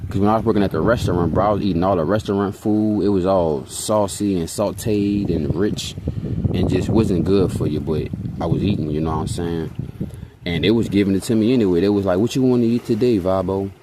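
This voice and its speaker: A man's voice: deep voice, brisk, background noise. A young man from Hawaii telling rambling, profane, slangy stories in a casual vlog, constantly checking in with his listeners. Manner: rambling, slangy, profane, keeps checking in with "you know what I'm saying". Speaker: vlogger. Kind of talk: casual storytelling monologue.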